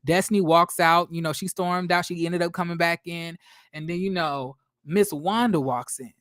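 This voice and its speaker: A man's voice: on the high side, steady tone, normal speed, fairly bright tone, dry recording. Sassy guy ranting about a reality show, blunt and profane, dry close mic. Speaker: reality TV recap vlogger. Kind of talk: casual commentary.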